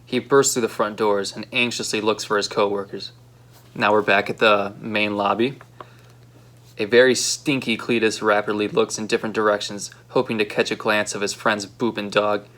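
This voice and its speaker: A man's voice: fairly low pitch, level tone, moderate pace, a bit bright. A young man casually reading aloud his own short story script, with a few fillers. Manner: plain, casual read with occasional fillers.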